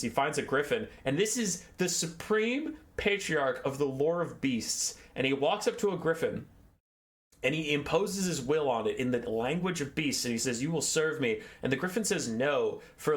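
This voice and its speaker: A young man talks through a fantasy story recap in a loose, rambling way, full of sarcasm and the odd swear. He acts out the characters in quick asides, at a middle pitch for a man. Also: animated. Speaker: lore video host. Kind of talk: casual lore recap monologue.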